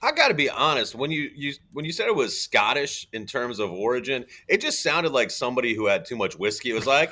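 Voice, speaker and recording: A male comedian from Baltimore talking in a loose, joking way, his pitch swinging all over. His voice is bright and forceful. He keeps breaking into goofy put-on accents. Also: big pitch swings, fairly quick, few pauses, a little hiss or hum. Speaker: comedian guest. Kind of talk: casual comedic chat.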